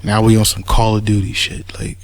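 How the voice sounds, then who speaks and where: A man's voice: fairly low pitch, completely flat delivery, brisk, no room sound. A man giving a mocking, rambling spoken rebuttal, sarcastic and full of restarts. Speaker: commentator making a response audio.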